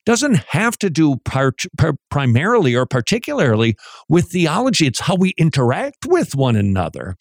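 A man teaching in a sermon style, animated and joking, with many rhetorical questions. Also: a little high, moderate pace, no echo, studio quality.

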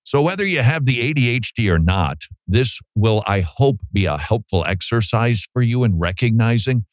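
A man hosts a radio talk show in a mid-pitched voice, breaking into played clips with sarcastic, joking asides. The studio sound is dry and close. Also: lively intonation, normal speed, no echo.

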